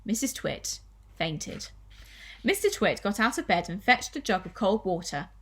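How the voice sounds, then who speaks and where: A woman primary school teacher reading a children's story aloud with expressive storytelling. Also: mid-range voice, a little slow, husky.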